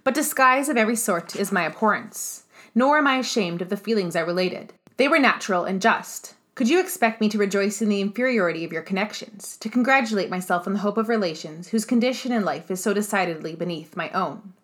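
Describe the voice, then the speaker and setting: A haughty aristocratic gentleman, stiff and formal, speaking with clipped coldness, read by a woman. The voice sits at a middling pitch for the reader and keeps an audiobook's measured delivery. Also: animated. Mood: stung, proud. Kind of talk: audiobook character voice.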